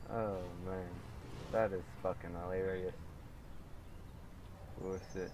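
A man's voice: deep voice, slow, background noise. A young man commenting on his own gameplay, slangy and profane, repeating catchphrases and taunting other players. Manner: taunting and laughing when excited.

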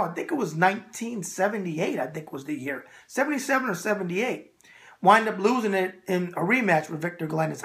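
Brash New man, animated. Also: sits high. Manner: brash, animated, repeating a catchphrase. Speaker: boxing show host answering viewer mail. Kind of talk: casual solo video mailbag.

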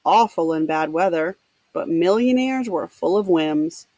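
A woman teacher reading a novel aloud for her students, pausing to explain with casual asides. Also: lowish voice, expressive, warm tone, no room sound. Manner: pauses to explain to students, with fillers. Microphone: home computer mic.

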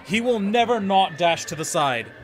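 A man's voice: sits high, expressive, moderate pace, background noise. A man streaming a video game, giving casual commentary with sarcastic, swearing jokes.

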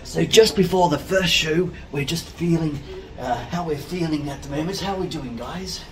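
A man's voice: on the high side, normal speed, a crowd in the background, poor audio. A man hosting a playful backstage webisode, chatting and teasing cast members before a show. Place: theatre backstage and dressing rooms.

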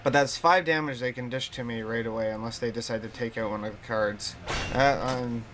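A man's voice: mid-range voice, fairly even intonation, fairly quick, fairly bright tone, slight background noise. A man casually commenting on his own card game play in a bedroom, thinking aloud, laughing often, his voice and accent shifting. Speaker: streamer. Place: hot bedroom.

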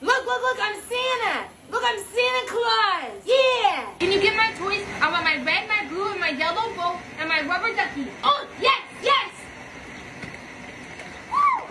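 A bratty little girl who whines, pleads and demands with a very high, squeaky voice, acted out by a woman. It is a comedy sketch, and noise is clearly audible behind the voice. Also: big pitch swings, unhurried, heavily acted. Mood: playful. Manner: whining, complaining, pleading. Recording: noisy recording.

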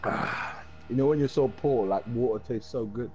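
A man's voice: medium pitch, normal speed, loud music behind the voice. A young man chatting casually while gaming, joking and hyping up the team.

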